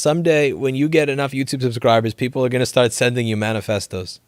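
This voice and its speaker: A man's voice: medium pitch, fairly even intonation, fast talker, no echo, clean studio sound. A man hosting a casual live question-and-answer stream from his repair shop, talking animatedly, swearing and laughing often. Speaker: livestream host.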